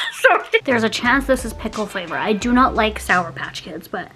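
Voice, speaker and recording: A young woman chatting casually as she unboxes and taste-tests snacks, giggling often and gushing with excitement. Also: mid-range voice, moderate pace, raised voice. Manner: giggly, gushing, lots of exclamations. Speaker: YouTuber taste-testing snacks.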